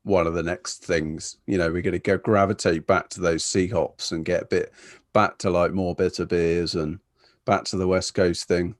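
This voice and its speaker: Deep-ish guy co-hosting, chill musing chat, dry mic. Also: fairly even intonation, moderate pace, no room sound. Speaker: podcast co-host. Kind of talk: casual chat.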